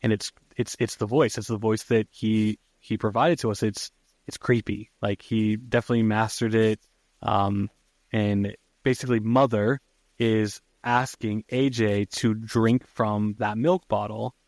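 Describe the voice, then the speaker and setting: Low-voiced guy hosting a podcast, laid back, lots of ums, dry close sound. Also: steady tone, unhurried, darkish tone, no echo. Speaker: podcast host. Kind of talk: casual film recap chat.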